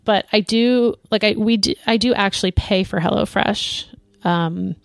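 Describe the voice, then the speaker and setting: A woman co-hosting a casual chat show, relaxed and chatty, with lots of ums and easy laughter. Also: medium pitch, moderate pace, gravelly, no room sound, clean studio sound. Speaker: podcast co-host.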